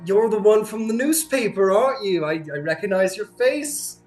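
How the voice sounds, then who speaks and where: A man's voice: high-pitched, animated, moderate pace, darkish tone, soft background music, pitched above the performer's own voice. A man voicing a flustered male charmer in a put-on country drawl, clumsy and trying to seem formal. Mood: excited. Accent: put-on American country twang.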